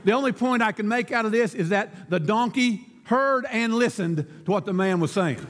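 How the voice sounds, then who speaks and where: A man's voice: sits high, moderate pace, a bit bright, in a large hall. A man preaching a sermon as pastor, telling a folksy story and laughing at his own joke.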